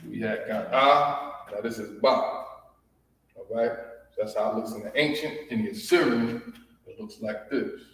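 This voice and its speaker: A man's voice: mid-range voice, measured pace, long pauses, fairly bright tone. A man teaching a language class, explaining each point and checking in with "all right?" again and again. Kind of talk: classroom lesson. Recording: echoey hall, voice from far off.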